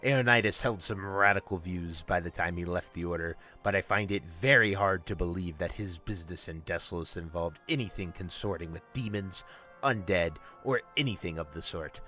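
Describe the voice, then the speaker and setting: A man reading the part of a grave female paladin leader in a measured, solemn way. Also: low voice, bright, forceful tone, soft background music.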